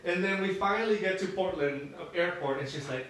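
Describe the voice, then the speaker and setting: Pastor, male, easygoing conversational sermon voice, slightly high, mic set back in a booming, reverberant sanctuary. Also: moderate pace, few pauses. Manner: relaxed, conversational storytelling. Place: church sanctuary. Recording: very echoey room from a distance.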